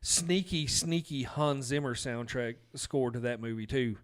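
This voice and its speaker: A man co-hosting a podcast, chatting casually about movies in a relaxed, rambling way with plenty of fillers. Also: mid-range voice, unhurried. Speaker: podcast co-host. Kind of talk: casual chat.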